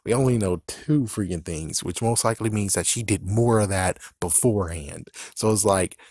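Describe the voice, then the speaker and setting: A young man casually vlogging as a fan channel host, rambling excitably with swearing and frustrated outbursts. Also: lowish voice, normal speed, few pauses, no echo, clean studio sound. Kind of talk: casual ranting vlog.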